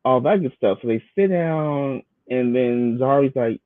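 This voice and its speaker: A man's voice: medium pitch, a little slow, dry recording. A man co-hosting a casual commentary show, recapping an episode in a loose, chatty way full of fillers. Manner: loose and chatty, filler-heavy, acts out quotes. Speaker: podcast co-host recapping a reality show. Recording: tinny phone-like line, dry.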